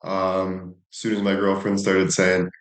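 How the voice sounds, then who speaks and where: Young guy streaming, kinda low voice, crude rambly stories, roomy echo. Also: monotone, measured pace. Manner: crude, rambling storytelling with frequent swearing. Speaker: livestreamer. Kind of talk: casual livestream chat. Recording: echoey room.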